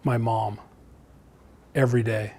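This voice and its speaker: A man's voice: medium pitch, little pitch movement, unhurried, mellow. Middle-aged guy running a real estate training class, chatty storyteller, trips over his words a bit. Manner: candid, storytelling, repeats himself. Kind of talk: live sales training talk. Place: classroom before a live audience.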